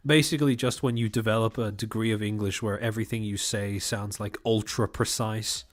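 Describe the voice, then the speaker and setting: A man's voice: lowish voice, steady tone, a little fast. A young man with a light Australian-born Chinese accent, chatting casually on a live stream in a carefully articulated presenter voice, with frequent fillers. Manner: clearly articulated, precise presenter voice with many fillers.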